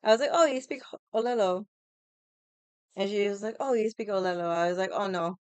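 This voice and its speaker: A woman vlogger telling stories in a casual, animated way, swearing often and acting out other people's lines. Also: mid-range voice, a little fast, clean tone, no room sound. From Hawaii. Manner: animated, profane, laughs often, acts out quotes. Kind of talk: casual storytelling chat.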